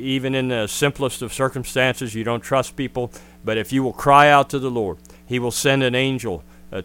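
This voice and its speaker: A man preaching a sermon in an earnest, direct way, often pausing with "uh". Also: mid-range voice, a bit bright, clean tone. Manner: earnest, with frequent "uh" fillers.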